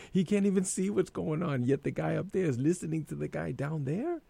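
A man in casual conversation, an animated storyteller who acts out his own inner thoughts aloud. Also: on the high side, normal speed, gravelly, breathy edge, no echo.

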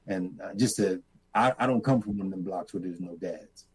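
A middle-aged farmer tells his stories with earnest conviction, growing lively as he recounts them. His voice sits low with a husky, breathy edge. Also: normal speed, poor audio. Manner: earnest, animated when retelling. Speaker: farmer and mentor. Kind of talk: reflective storytelling.

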